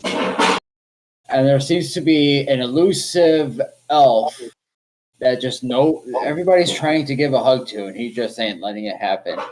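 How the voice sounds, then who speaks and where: Slow-talking man running a tabletop game. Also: mid-range voice, noisy background. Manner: calls for dice checks and describes combat results. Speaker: dungeon master.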